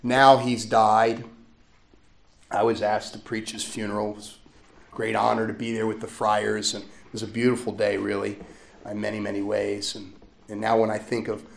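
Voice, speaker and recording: Priest telling a personal story in a roomy church. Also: male voice, on the low side, level tone, normal speed, gravelly. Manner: personal storytelling, gentle, laughs often. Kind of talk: sermon.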